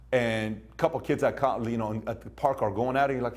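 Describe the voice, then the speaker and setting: With a medium-pitched, steady, brisk voice, this motivational speaker tells punchy stories. He also poses questions directly to his audience.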